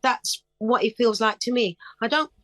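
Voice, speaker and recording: A woman's voice: fairly high pitch, normal speed, a bit bright, no room sound. A middle-aged woman talking as a guest in a casual interview, chirpy and upbeat, telling stories with animation. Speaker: guest singer.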